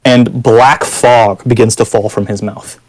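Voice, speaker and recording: A man's voice: medium pitch, steady tone, a little mellow, dry recording, low-quality recording. A man narrating as game master of a tabletop game, with many restarts. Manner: halting, restarts, descriptive narration.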